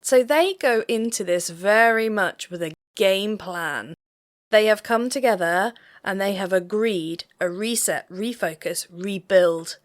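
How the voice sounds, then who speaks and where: A woman co-hosts a casual reaction chat, weighing each point in a measured, analytical way. Her voice sits at a middle pitch. She laughs easily between points. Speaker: co-host of a reality show reaction podcast.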